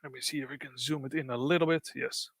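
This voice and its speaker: A man presenting a live software demo, explaining in loose, casual phrasing with frequent fillers. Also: medium pitch, steady tone, quick pace, no room sound.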